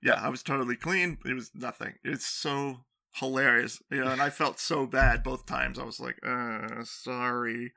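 A man's voice: medium pitch, steady tone, normal speed, creaky, sharp tone. A man telling a long, self-deprecating story in casual chat, rambling with many fillers and restarts.

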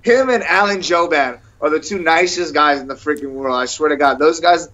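At normal speed and with a sharp, slightly high voice, a young man who fights chats eagerly as a podcast guest. His rambling interview talk is peppered with "bro" and "man," captured on dull, lo-fi audio.

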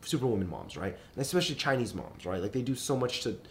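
A man's voice: mid-range voice, very animated, fast talker. A young man telling loose, profane stories in a casual podcast chat, full of fillers and asides. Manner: loose and profane, many fillers, puts on his mother's voice in quotes. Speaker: podcast guest.

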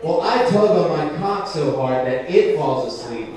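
A young male stand-up comedian with a fairly high voice rambles through a profane club set, tossing in constant asides. He sounds a bit distant from the mic, in a very echoey room. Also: expressive, moderate pace, darkish tone.

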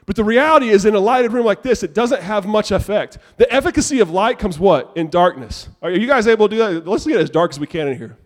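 Animated male pastor preaching. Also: sits high, quick pace, hardly any pauses. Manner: conversational preaching, animated asides. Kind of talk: sermon. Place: church sanctuary.

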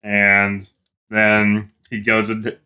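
A man's voice: fairly low pitch, monotone, very slow, sharp tone. A man co-hosting a podcast, chatting casually about a book, laughing easily and reluctant to read aloud. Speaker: podcast co-host. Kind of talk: casual book-club chat.

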